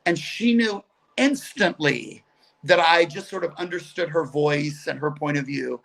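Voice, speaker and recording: A man's voice: a little high, gravelly. A middle-aged man, a guest comedian, telling stories animatedly over a video call. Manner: animated, chatty, quick asides. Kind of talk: casual storytelling on a video call.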